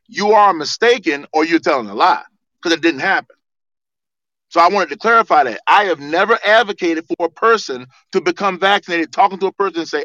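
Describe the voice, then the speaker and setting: High, bright-voiced man insisting on his point. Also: normal speed, no echo, dull audio. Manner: insistent, talks over others, repeats himself. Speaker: doctor and guest speaker. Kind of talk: heated live audio room debate.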